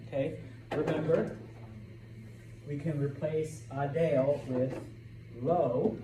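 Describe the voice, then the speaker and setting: A man's voice: a little high, fairly even intonation, slow pace, pauses often, background noise. A man teaching a Spanish class in a classroom, talking casually with many fillers and checking in with "okay?". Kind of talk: classroom lecture.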